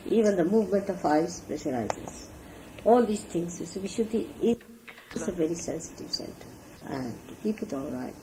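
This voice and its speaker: A woman's voice: lowish voice, gravelly. A woman giving an earnest sermon to followers, teaching how to behave and showing each point with gestures. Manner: earnest, instructive, demonstrates with gestures. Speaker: spiritual teacher. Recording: archival talk recording with faint hiss.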